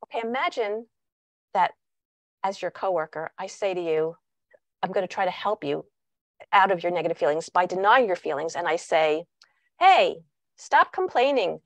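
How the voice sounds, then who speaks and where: A woman's voice: lowish voice, moderate pace, pauses often, dry recording. A woman giving a talk on parenting who walks listeners through an exercise and acts out quoted dialogue. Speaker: parenting workshop speaker. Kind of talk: presentational talk.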